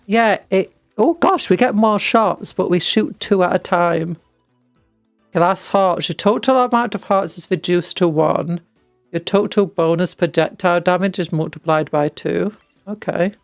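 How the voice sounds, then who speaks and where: A British woman streamer talks through a game at an unhurried pace. She reads the upgrades aloud and drops jokey asides. Her voice has a gravelly fry, and it sits dry and close on the mic over faint music. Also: on the low side, no echo. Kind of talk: casual gameplay chat.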